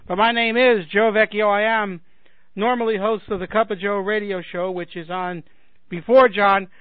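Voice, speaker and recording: A man with a fairly high voice chats casually as a fill-in radio host, rambling and restarting his sentences. He sounds dry and tinny, as if he is on a phone line. His tone is self-deprecating. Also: fairly even intonation, normal speed, dry recording. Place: home in Chicago.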